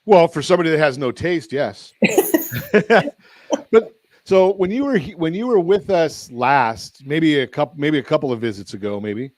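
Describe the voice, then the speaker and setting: A man's voice: a little high, expressive, moderate pace, a little mellow, dry recording. A man hosting a radio talk show, rambling and correcting himself as he jokes with his guest. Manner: rambling, self-correcting, joking. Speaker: radio host. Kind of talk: casual radio chat.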